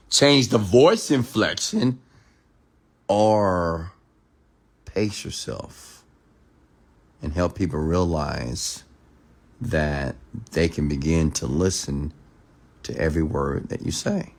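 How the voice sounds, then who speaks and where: Reading viewer comments out loud and replying, a man hosts a late-night live stream in a low-pitched voice. He purposely changes tempo and tone, occasionally settling into a slow, measured newsreader cadence.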